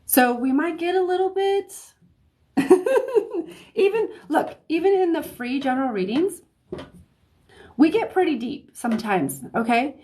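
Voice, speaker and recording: A woman giving a live-streamed tarot reading, talking in a chatty, easygoing way, often checking in with "okay?" and laughing softly between phrases. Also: very high voice, lively intonation, a little slow, pauses often. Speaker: psychic reader. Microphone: phone or desk mic on livestream.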